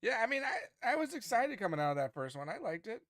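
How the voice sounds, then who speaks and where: A man's voice: high-pitched, quick pace, no echo. Male podcast co-host, casual, heated, dry close mic. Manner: animated, frustrated, many restarts. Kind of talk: casual chat.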